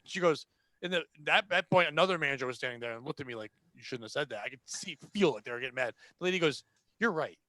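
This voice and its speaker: A man's voice: a little high, fast talker, dry recording. A man hosting a podcast, telling a retail work story in a blunt, sarcastic way and acting out the people in it. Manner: animated, acts out the people in his stories. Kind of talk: casual storytelling chat.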